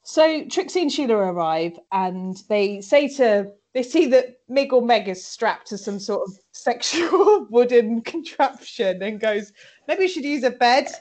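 A woman co-hosting a casual podcast chat, animated and sweary, laughing often. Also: a little high, a little slow, few pauses. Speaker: podcast co-host recapping a TV episode.

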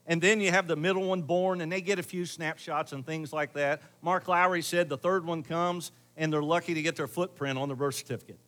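Brief: middle-aged man, pastor, a touch high-pitched, conversational sermon with loud pushes and soft asides. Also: fairly even intonation, fairly quick, hardly any pauses. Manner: conversational, varying loud emphasis and quiet asides.

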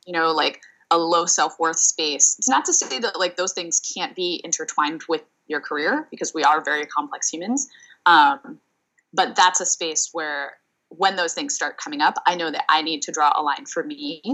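Woman, career coach, low voice, reflective, filler-heavy interview answers. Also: a bit bright, poor audio. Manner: thoughtful, many fillers and pauses. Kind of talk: podcast interview.

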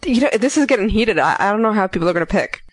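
A woman from New York co-hosting a podcast in casual chat, giggly and excitable. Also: mid-range voice, rapid-fire, no echo, poor audio. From New York, USA. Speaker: podcast co-host.

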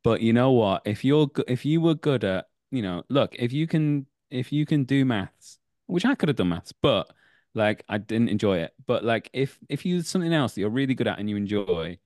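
A man's voice: mid-range voice, expressive, normal speed, a little mellow, no echo, studio quality. A man in his thirties, an actor guest on a podcast, talking casually and rambling through many fillers and restarts. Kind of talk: casual interview chat.

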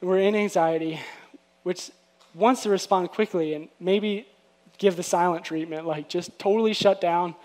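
A man's voice: high-pitched, normal speed. A man preaching a casual, conversational sermon, acting out quotes with bursts of energy. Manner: conversational, animated in acted-out quotes. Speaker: pastor.

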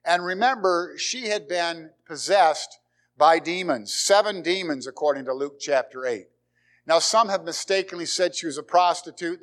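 A pastor preaching a conversational sermon in church, with dramatic pauses and repeated phrases. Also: male voice, fairly high pitch. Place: church sanctuary.

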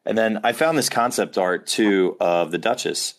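With a lowish voice at normal speed and hardly a pause, a man co-hosts a podcast in casual video-call conversation. His manner is playful and meandering, punctuated by frequent laughter.

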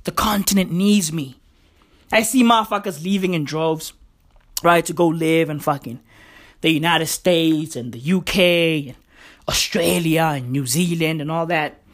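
A woman's voice: sits low, a little slow. A woman in a casual monologue, boastful and profane, who keeps repeating the same catchphrases. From South Africa. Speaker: vlogger.

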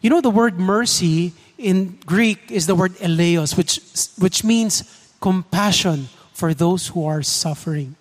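High-voiced preacher in a hall. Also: male voice, unhurried. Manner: earnest, asks the congregation questions. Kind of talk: sermon. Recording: echoey hall reverb.

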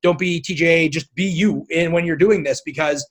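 A man guesting on a podcast, talking in a chatty, animated way and swearing casually. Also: fairly high pitch, moderate pace. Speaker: guest, self-defense instructor.

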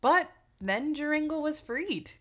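A woman's voice: high-pitched, lively intonation, unhurried. A woman co-hosting a podcast who reads a fairy tale aloud and breaks off for dry, joking asides. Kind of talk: casual reading with banter.

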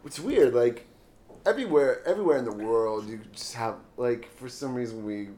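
A man's voice: mid-range voice, expressive, moderate pace, warm tone, slight background noise. A man co-hosting a podcast, trading crude jokes and laughing often. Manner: joking, laughing often, mocking voices. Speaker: podcast co-host. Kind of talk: crude casual banter.

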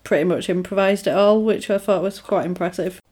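A woman's voice: mid-range voice, steady tone, a little fast, darkish tone. A woman in casual chat, animatedly retelling a film plot and acting out the characters' lines.

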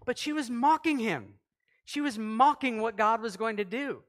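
A man preaching a sermon in a conversational way, acting out quotes and swinging between loud and soft. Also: very high-pitched, animated, moderate pace. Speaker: pastor. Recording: long hall reverb.

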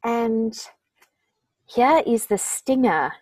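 A woman's voice: on the high side, animated, very slow, a little mellow, no room sound. A middle-aged woman hosting a podcast interview, speaking in an emotional, openly moved way. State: tearing up. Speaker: podcast host. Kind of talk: heartfelt conversational interview.

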